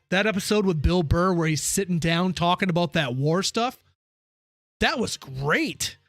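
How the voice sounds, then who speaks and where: A man's voice: on the high side, a bit bright, dry recording. A young man chatting casually with his viewers during a game live stream. He is chatty and opinionated, ranting with slangy asides.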